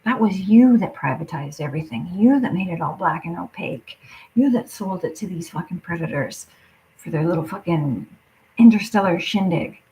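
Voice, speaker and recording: A woman's voice: on the low side, animated, normal speed, mellow, rough recording. A woman livestreaming an angry, profane rant that keeps dropping into muttered whispers. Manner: swears constantly, drops into muttered whispers.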